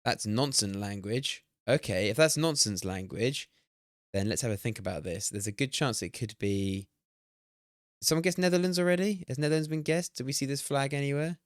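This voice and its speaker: A young man streaming a game, talking excitedly, swearing and laughing at himself. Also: medium pitch, normal speed, dry recording, studio quality. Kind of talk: live-stream gameplay commentary.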